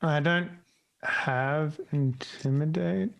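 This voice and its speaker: A man's voice: fairly high pitch, very slow, creaky, fairly bright tone. A man playing a tabletop role-playing game, talking hesitantly with many restarts. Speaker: player.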